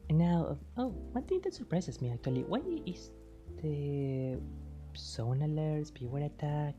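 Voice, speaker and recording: A woman streamer chatting casually with her live chat, playful and teasing, thanking viewers over and over and speaking slowly and carefully. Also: low-pitched, animated, music in the background. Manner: deliberately slow, careful speech.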